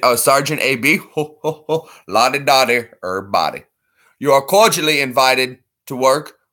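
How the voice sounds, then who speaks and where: Chatty man with a bright voice. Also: mid-range voice. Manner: chatty, rambling, laughs often. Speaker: vlogger. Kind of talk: casual chat with impressions.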